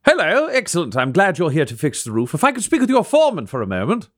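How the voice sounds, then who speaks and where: A man's voice: fairly high pitch, huge pitch swings, fast talker, a bit bright, voice pushed up. A man voicing a pompous, overly polite male steward in a tabletop game. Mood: courtly.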